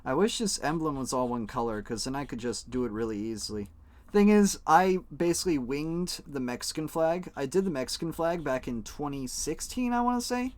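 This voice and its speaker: A man's voice: on the high side, lively intonation, brisk, darkish tone. A young man streaming, chatting casually to his viewers while coloring flags, rambling, joking and swearing freely. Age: young adult. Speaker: live streamer.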